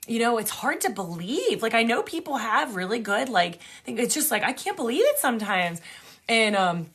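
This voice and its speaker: A woman with a high, bright voice tells a story in casual conversation. She acts out what others said in animated little voices and laughs often as she goes. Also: normal speed, husky. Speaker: podcast co-host, energy healer.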